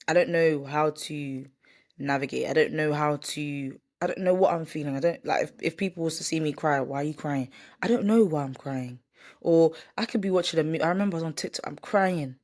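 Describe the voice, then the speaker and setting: A woman's voice: low-pitched, brisk, a little mellow. A woman talking candidly to camera in a casual vlog, rambling and correcting herself, sometimes reading from a script. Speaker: vlogger. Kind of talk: casual vlog chat, partly read from a script.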